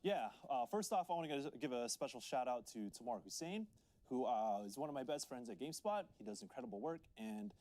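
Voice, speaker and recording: A man's voice: mid-range voice, sing-song, brisk, darkish tone, faint music behind. A man from Southeast San Diego on a games panel, talking earnestly with many fillers. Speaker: panel guest, games journalist. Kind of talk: casual panel chat.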